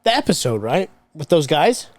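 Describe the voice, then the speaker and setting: A man's voice: a little high, sing-song, normal speed, no room sound. A man co-hosting a casual podcast, talking bluntly and swearing freely. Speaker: podcast co-host. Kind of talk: casual chat.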